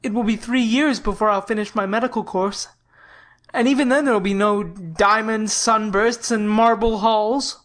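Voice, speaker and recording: A woman's voice: medium pitch, steady tone, moderate pace, natural voice. A woman voicing an earnest young man in love, a student doctor, speaking tenderly in an audiobook. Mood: loving. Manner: tender, heartfelt confiding. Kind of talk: audiobook character reading.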